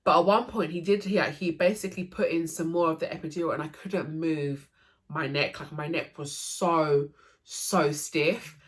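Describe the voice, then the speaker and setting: Low-voiced young woman vlogger. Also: steady tone, normal speed. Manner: emotional, lots of fillers and restarts. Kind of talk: casual storytelling to camera.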